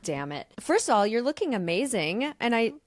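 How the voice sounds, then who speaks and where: A woman's voice: on the high side, very animated, moderate pace, dry recording. A woman co-hosting a podcast in casual chat, talking conversationally into an XLR microphone. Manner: conversational, uses "like" as filler. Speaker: podcast co-host.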